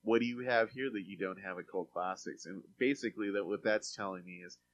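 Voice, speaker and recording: A man's voice: sits low, a little fast, lo-fi sound. A man in casual chat, hesitant and restarting his sentences. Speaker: podcast co-host.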